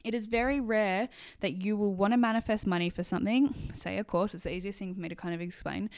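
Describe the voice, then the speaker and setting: On her solo podcast, a woman speaks quickly in a mid-range voice, laying things out bluntly with plenty of profanity. She's animated and keeps slipping into little acted-out voices for the people she quotes, all in a casual monologue.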